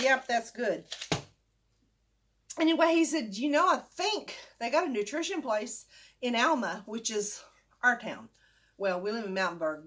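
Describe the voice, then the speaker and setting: An older woman, chatting in a casual storytelling vlog and acting out the dialogue as she goes. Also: medium pitch. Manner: chatty, animated, acts out the dialogue. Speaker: vlogger.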